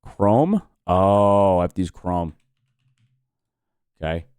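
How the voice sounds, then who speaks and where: A man's voice: sits low, lively intonation, takes it slowly, darkish tone, clear, resonant tone, dry recording. A man hosting a live-stream watch party, chatting casually, swearing and reacting with frustration.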